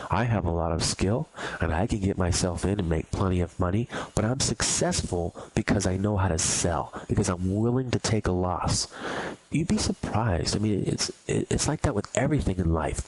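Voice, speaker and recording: Blunt, emphatic man with a husky voice. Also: on the low side, darkish tone. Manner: blunt, emphatic, repeats points for effect; acts out anxious beginners in mock quotes. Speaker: trading instructor. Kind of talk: recorded trading lesson.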